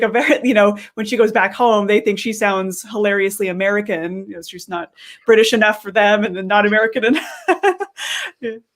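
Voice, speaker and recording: An upbeat Canadian woman chats as a guest over a video call. Her voice sits at a middle pitch, and she laughs often and restarts phrases as she talks. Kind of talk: casual interview chat.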